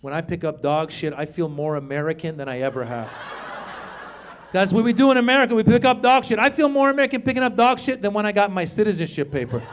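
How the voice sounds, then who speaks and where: A middle-aged man from Iran performs stand-up, his voice sitting fairly high for a man. He spins stories with animated energy and bursts into shouted punchlines, over a faint hum in the background. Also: quick pace. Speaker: stand-up comedian. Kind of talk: stand-up routine.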